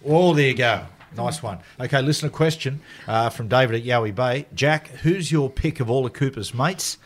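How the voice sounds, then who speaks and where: A middle-aged Australian man hosts a relaxed family podcast. He jokes and teases as he quizzes the others. His voice sits at an everyday pitch for a man. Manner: jokey, teasing, quick quizzing. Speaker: podcast host and father. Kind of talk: casual family podcast chat.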